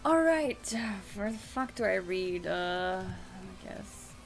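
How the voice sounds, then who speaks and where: A woman's voice: mid-range voice, lively intonation, takes it slowly. A young adult woman streaming, chatting casually and reading a story game aloud, swearing now and then and talking to her chat. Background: faint music.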